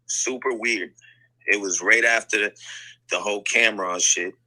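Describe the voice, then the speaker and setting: A deep-voiced man tells a story in a casual voice chat. His voice sounds husky yet very bright. He talks bluntly and swears a lot, with fillers everywhere. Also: steady tone, a little slow, low-quality recording. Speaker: guest rapper telling a story. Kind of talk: casual chat in an audio chat room. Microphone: phone mic in an online audio room.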